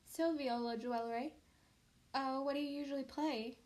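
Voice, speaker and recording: A woman's voice: high voice, fairly even intonation, moderate pace, a little mellow. A woman co-hosting a comedy sketch interview, asking plain, curious questions. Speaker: podcast co-host.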